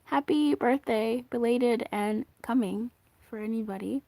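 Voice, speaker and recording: A woman's voice: fairly high pitch, unhurried, vocal fry, warm tone, dry recording. A woman giving a casual monthly tarot reading, chatty and rambling, wandering off on tangents and restarting her sentences. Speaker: tarot card reader.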